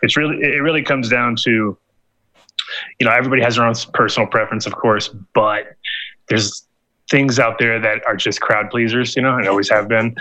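A man's voice: mid-range voice, steady tone, brisk, sharp tone, poor audio. A man hosting a podcast in casual chat, rambling and swearing with lots of fillers and restarts. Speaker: podcast host.

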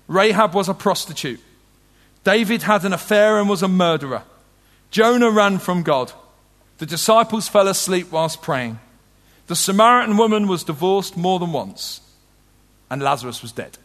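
A man preaching a sermon with passion, swinging from loud urgent peaks to soft low moments. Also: in a large hall. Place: large tent.

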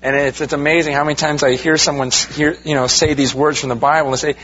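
In a slightly high, husky voice, a pastor preaches a conversational sermon, calling his congregation "you guys" and relying on rhetorical questions and direct appeals. His delivery is flat, quick and a bit bright, with few pauses, on a dull, lo-fi recording.

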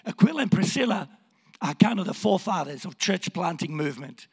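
A man preaching in a hoarse, gravelly voice, his pitch high and leaping about as he moves between quiet words and shouts. The long reverb of a church hall hangs behind every line. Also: lively intonation, fairly quick. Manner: impassioned, swings from hushed to shouting. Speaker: pastor. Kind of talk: sermon.

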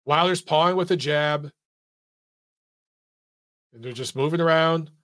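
A man with a slightly higher voice hosts his own boxing analysis show. He talks emphatically, firing off rhetorical questions and pointing out details as he goes, in a casual, conversational delivery. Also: measured pace, fairly bright tone. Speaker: boxing commentator and show host.

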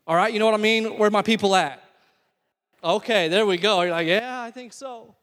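A man's voice: high-pitched, fairly even intonation, brisk, a bit bright. A man preaching a sermon, conversational and joking, speaking in a church hall. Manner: conversational preaching with humorous asides. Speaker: pastor.

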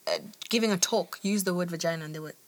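A woman's voice: fairly low pitch, a crowd in the background. A woman co-hosting a podcast in casual chat, playful and teasing. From Africa. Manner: playful, teasing, quick reactions. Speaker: podcast co-host.

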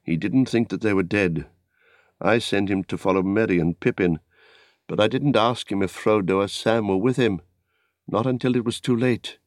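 A man's voice: lowish voice, moderate pace, no room sound, clean studio sound, close to an everyday voice. A man reading as a grave, weary warrior leader. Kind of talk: audiobook character reading.

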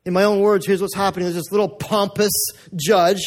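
High-voiced pastor preaching. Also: male voice, level tone, brisk. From North America. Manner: conversational, repetitive, emphatic. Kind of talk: sermon.

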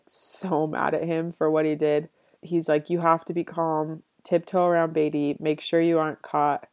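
Woman presenting a chatty book summary, slightly low voice, dry booth-like sound, talks in slang. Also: a little mellow, no room sound. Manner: chatty, slangy retelling with frequent "like".

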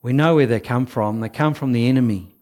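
A man giving an informal, chatty sermon, with laughing asides and a low voice for the quoted whispers. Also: fairly quick, warm tone. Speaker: preacher.

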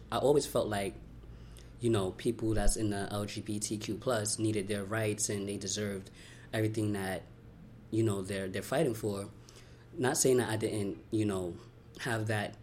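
A young man from Brooklyn tells his story in an interview. His voice sits on the low side and he speaks candidly, in quick, heartfelt runs full of "you know" and "like." A faint hiss of noise runs under the recording. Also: steady tone, a little mellow. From Brooklyn, New York. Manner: candid, fast-flowing, heartfelt, many "you know" and "like" fillers.

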